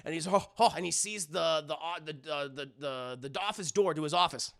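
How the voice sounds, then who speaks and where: A young man recapping a movie scene by scene to his live chat, excitable and profane, full of fillers. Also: on the high side, brisk, creaky, hardly any pauses. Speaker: livestreaming film reviewer.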